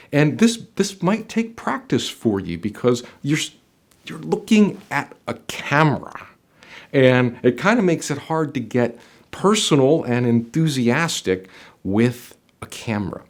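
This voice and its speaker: Guy coaching job interviews on camera, really lively voice, goes up and down, gets loud then soft. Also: fairly low pitch. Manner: animated, varies loudness and softness for demonstration. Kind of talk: instructional video talk to camera. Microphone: on camera, speaking to viewer.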